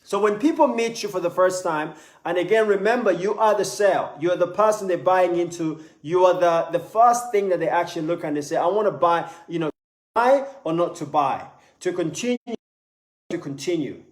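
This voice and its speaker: A man giving a live online sales lesson in an animated way, repeating words as he talks. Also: sits high, moderate pace. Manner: animated, acts out little voices, repeats words. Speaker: sales trainer. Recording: echoey room.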